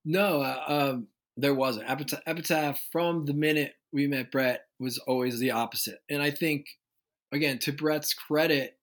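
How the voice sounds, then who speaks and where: Animated man telling band stories. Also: fairly high pitch, normal speed. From United States. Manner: animated storyteller who acts out quoted voices. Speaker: guest musician. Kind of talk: casual interview storytelling.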